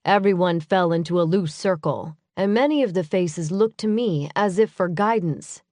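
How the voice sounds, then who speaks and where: A woman narrating a first-person urban fantasy audiobook in a measured, earnest way. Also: fairly low pitch, a little mellow, no room sound, studio quality.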